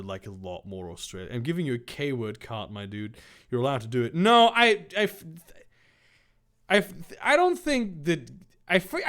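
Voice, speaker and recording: A man's voice: mid-range voice, a bit bright. Sarcastic man mocking a fanfic. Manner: sarcastic, incredulous, swearing, mocking asides. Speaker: host reading fanfiction aloud. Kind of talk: comedic reading with commentary.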